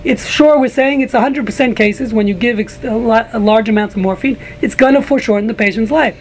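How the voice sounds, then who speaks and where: A man's voice: very high-pitched, fairly quick, a little hiss or hum, rough recording. A man teaching a casual group Talmud class, rambling with frequent restarts and joking asides to a small room of listeners.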